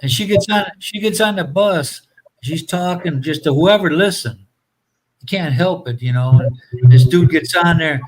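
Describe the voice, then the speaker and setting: A man's voice: on the high side, moderate pace, slight background noise, poor audio. A man hosting a casual show, rambling through profane anecdotes full of fillers.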